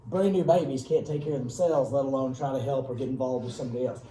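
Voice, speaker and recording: A man's voice: medium pitch, fairly even intonation, fast talker, warm tone. A male history teacher giving a casual classroom lecture, rambling with joking asides. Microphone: far camera. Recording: echoey room from far off.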